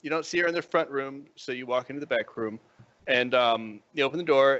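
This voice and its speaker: A man narrating as dungeon master for a tabletop game, telling it in an animated way with frequent chuckles. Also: medium pitch, fairly quick, lo-fi sound, a little hiss or hum.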